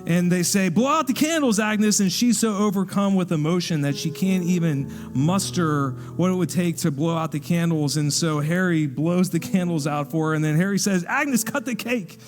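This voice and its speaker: Storytelling preacher, echoey church. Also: male voice, on the high side, moderate pace, hardly any pauses, faint music behind. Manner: lively narration, acting out the people in the story. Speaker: pastor. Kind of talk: sermon storytelling. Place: church hall.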